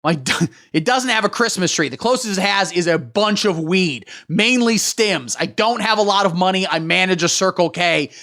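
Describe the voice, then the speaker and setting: A man's voice: sits high, lively intonation, normal speed, bright, forceful tone, heavily acted. A man doing a broke, griping divorced dad. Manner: frantic, griping rant. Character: broke divorced man buying a Christmas tree.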